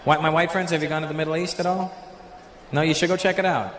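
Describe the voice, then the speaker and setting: A man doing stand-up, working the crowd loudly with a punchy, teasing delivery. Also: fairly high pitch, steady tone, fast. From Canada. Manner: loud, teasing, punchy delivery with comic voices. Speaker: stand-up comedian. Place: large theater stage. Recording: echoey live venue with loud crowd noise.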